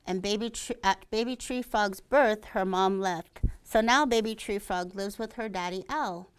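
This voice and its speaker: A woman storyteller reading stories aloud in a library, slow and careful. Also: mid-range voice, clean tone.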